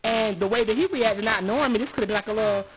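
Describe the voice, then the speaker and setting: A woman's voice: a little high, fast. A woman guesting on a podcast, talking openly and frankly, with lots of agreeing murmurs. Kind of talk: casual chat. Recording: loud background noise.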